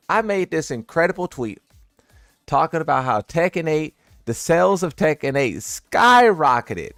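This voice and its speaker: A male gaming streamer with a fairly high voice that swings widely up and down as he reacts. His delivery is teasing and incredulous. The recording is close and dry, with faint music playing underneath. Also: sing-song, measured pace, fairly bright tone, dry recording. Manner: incredulous, teasing, laughs at what he reads. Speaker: gaming content creator. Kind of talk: casual commentary to viewers.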